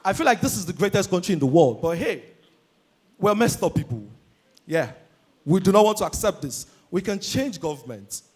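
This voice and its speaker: A young Nigerian man doing a high-energy stand-up comedy routine on stage, shouting his punchlines and slipping into Pidgin. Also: very animated, normal speed, slightly rough. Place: live comedy stage before an audience.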